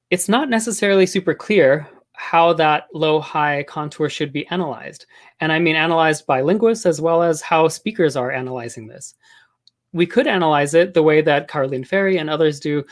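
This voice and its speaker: A man giving an academic talk on linguistics, measured and thoughtful, with frequent pauses and fillers. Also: on the high side. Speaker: linguistics lecturer.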